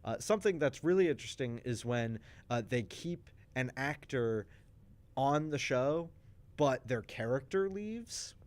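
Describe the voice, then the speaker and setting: Man animatedly recapping a soap opera. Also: mid-range voice. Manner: animated storytelling, many restarts and asides; acts out characters' lines in quick voices. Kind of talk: casual chat.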